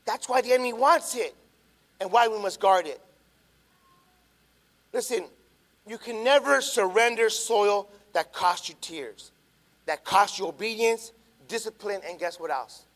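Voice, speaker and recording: High-voiced man preaching, swinging loud and soft. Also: measured pace, long pauses. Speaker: pastor. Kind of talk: sermon.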